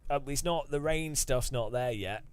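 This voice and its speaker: A man's voice: mid-range voice, normal speed, clean tone, no room sound. Give me a joking, rambling British man streaming a racing game, faint music underneath. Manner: rambling, joking, self-interrupting. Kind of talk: casual live-stream chat.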